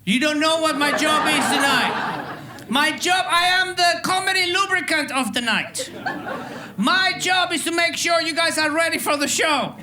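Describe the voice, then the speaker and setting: A man's voice: extremely high pitch, moderate pace. A man from Venezuela with a Venezuelan Spanish accent, hosting a stand-up comedy show and hyping a live crowd with playful energy. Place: theatre stage before a live audience.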